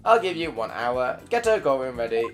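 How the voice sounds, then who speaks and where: A man's voice: medium pitch, sing-song, normal speed, lightly acted. Smug bossy game villain barking orders, guy doing the voice, game music playing. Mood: taunting. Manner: mocking, commanding. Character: taunting villainous hostage taker speaking through a robot.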